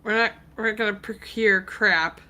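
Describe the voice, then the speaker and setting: A woman's voice: medium pitch, unhurried, bright, forceful tone. A woman co-hosting a live stream, chatting casually and teasing her partner with short quips. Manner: teasing, brief interjections. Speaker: co-host.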